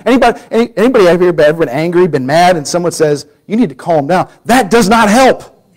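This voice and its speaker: Man preacher, higher voice, lively sermon delivery that swings between raised quotes and quiet emphasis. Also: a little fast, low-quality recording. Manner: animated storytelling, acting out quoted voices, drops to a near-whisper for emphasis.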